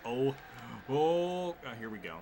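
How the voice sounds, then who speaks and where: A man with a medium-pitched voice takes his time as he streams a racing game from his desk at home. His live commentary is full of exasperated, swearing outbursts, with steady background noise in the recording.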